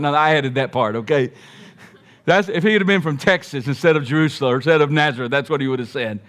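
High-voiced emphatic man preaching. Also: quick pace. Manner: emphatic, folksy, with joking asides. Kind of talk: sermon.

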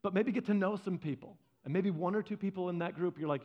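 A male pastor delivering a conversational sermon, telling stories and swinging from loud to hushed. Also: high voice, quick pace. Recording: dull lo-fi sound.

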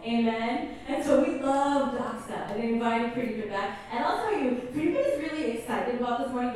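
A woman pastor giving a chatty, enthusiastic sermon with storytelling and prayer at a church service. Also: high-pitched. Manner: enthusiastic and chatty, many fillers. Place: church service in a comedy club venue. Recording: echoey hall from far off, faint noise.

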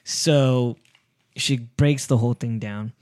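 A man's voice: medium pitch, takes it slowly, a little mellow, no echo. A man hosting a podcast, telling a story in a rambling, casual way with frequent swearing. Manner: rambling, restarts, swears often. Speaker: podcast host.

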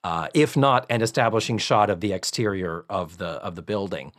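A man in casual podcast chat walks through a sitcom episode. His pitch swings widely as he tells it. He slips into quick, sarcastic impressions of the characters. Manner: animated storyteller, acts out quoted lines with sarcasm. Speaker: podcast co-host recapping a sitcom.

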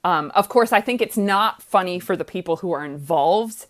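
Chatty woman director, lowish voice. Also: normal speed. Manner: chatty, hesitant, laughs often. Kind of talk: casual discussion.

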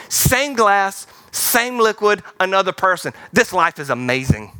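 Animated, bright-voiced male pastor preaching. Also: high voice, measured pace, few pauses, clean tone, no echo. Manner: animated, acts out quoted voices and laughs often. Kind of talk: sermon. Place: large theater-style church hall.

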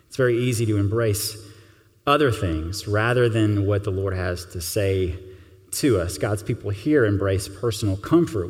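Male pastor, low voice, earnest and gentle sermon delivery, reverberant hall sound.

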